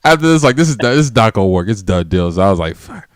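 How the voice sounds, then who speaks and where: A man spinning a rowdy party story in casual chat, his pitch leaping around as he acts out what everyone said. He laughs often between lines. The sound is dry and close, with no room behind it. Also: sing-song, fast talker, dry recording. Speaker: guest.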